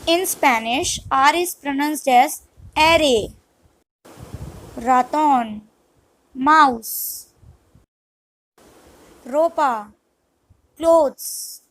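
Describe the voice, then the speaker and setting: A woman with a high, light voice reads vocabulary one word at a time. Her delivery is extremely slow and deliberate, pausing between each term like a scripted drill. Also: a bit bright, poor audio. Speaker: language tutor.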